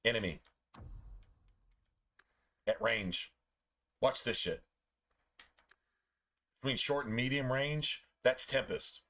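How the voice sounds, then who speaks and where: A man chatting casually while streaming a game, telling profane, animated stories about his pets. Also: mid-range voice, takes it slowly, long pauses. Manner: animated, profane storytelling with playful put-on pet voices.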